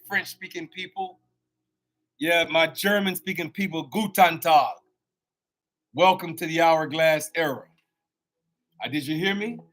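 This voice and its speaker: A man's voice: a little high, low-quality recording. A middle-aged man hosting his own podcast as a health coach, talking in a loose, preachy, motivational way with casual slang. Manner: preachy, animated, colloquial with slang.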